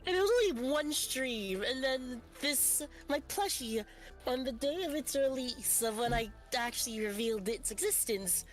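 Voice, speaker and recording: A woman's voice: high-pitched, lively intonation, normal speed, faint music behind. A woman guest on a game livestream, chatting casually and rambling with restarts. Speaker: guest streamer.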